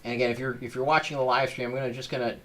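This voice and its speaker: A man hosting a live-streamed podcast, talking casually in a halting, rambling way with lots of fillers. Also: medium pitch, little pitch movement, slight background noise. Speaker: podcast host.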